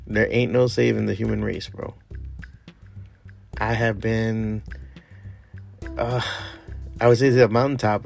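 Gravelly, profane man ranting. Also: fairly low pitch, a little mellow. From Miami. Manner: blunt, profane and exasperated. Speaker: podcast host. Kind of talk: casual solo podcast rant.

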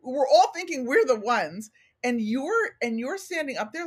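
This organizational consultant, a middle-aged woman, has a high, slightly rough voice and keeps a moderate pace. As a guest in a casual podcast interview, she's frank and animated, dramatizing what people say to her.

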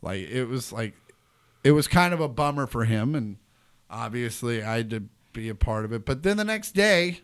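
Man telling a lively story. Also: medium pitch, moderate pace, clear, resonant tone. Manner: animated, acts out quotes loudly. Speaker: comedian guest. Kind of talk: casual storytelling.

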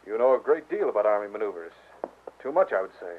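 An actor playing a stern, suspicious army captain who speaks stiffly and formally, in an old radio drama. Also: male voice, fairly low pitch, big pitch swings, fast talker. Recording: tinny old radio broadcast.

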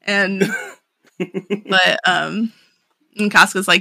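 Here is a woman chatting casually on a podcast, her voice bright and forceful. She runs through a story full of "like" fillers and swearing, tossing off the characters' lines in her own voice. The recording is dry and close, with no room sound. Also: medium pitch, no echo. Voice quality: casual, swearing, lots of "like" fillers, acts out characters in quick paraphrase. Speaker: podcast co-host. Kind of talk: casual chat recapping a manga.

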